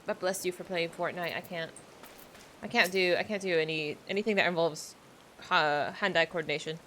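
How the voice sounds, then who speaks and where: A woman's voice: fairly low pitch, steady tone, normal speed, fairly bright tone, slight background noise. A young adult woman streaming a game, chatting casually with viewers in a rambling, self-deprecating way. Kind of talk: casual livestream chat while playing.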